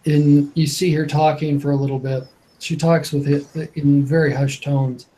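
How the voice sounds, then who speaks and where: A man running a tabletop game as game master, narrating in an unhurried, hesitant way with fillers. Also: a little high, flat delivery, mellow, a little hiss or hum, low-quality recording.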